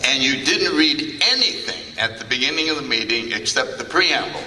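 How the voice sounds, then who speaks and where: An older man gives a humorous, anecdotal talk to a recovery convention audience, acting out the remarks he quotes, in a mid-range, sharp-toned voice with lively intonation at a moderate pace. Recorded from a distance in a large, echoey convention hall, the audio has a little hiss or hum.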